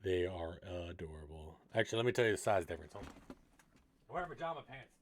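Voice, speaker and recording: A young man with a slightly low voice, hosting a casual stream. He chats with his viewers in a relaxed, rambling manner. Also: fast talker, a little hiss or hum.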